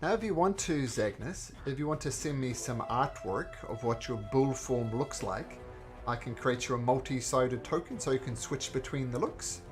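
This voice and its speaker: A woman narrating and running a tabletop game as game master, animated and laughing often. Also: rumbling low, moderate pace, music in the background.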